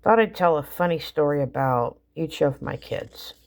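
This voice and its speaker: A woman's voice: low voice, expressive, normal speed, gravelly. A middle-aged mother casually telling funny stories about her kids, rambling with fillers and restarts. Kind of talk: casual storytelling.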